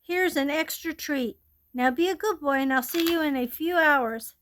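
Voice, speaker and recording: A high-voiced young girl, read by a woman storyteller, sounding bright and affectionate toward her dog. Her talk is warm and simple, sometimes softly pleading. It is a plain, everyday read-aloud voice rather than a heavy character voice. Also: normal speed, slight background noise. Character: cheerful young girl, devoted dog owner.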